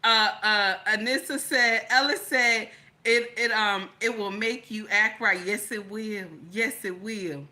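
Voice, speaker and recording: A woman's voice: medium pitch, fairly even intonation, a little slow. A woman hosting a live stream, reading the chat aloud in a sassy, teasing, chatty way. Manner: sassy, teasing, chatty with loud laughing outbursts.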